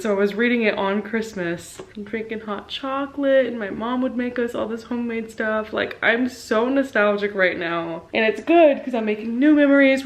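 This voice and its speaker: A woman in her twenties vlogging about books at home, chatty and gushing, quick to turn sentimental. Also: mid-range voice, poor audio. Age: 20s. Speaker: book vlogger. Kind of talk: casual chatty vlog.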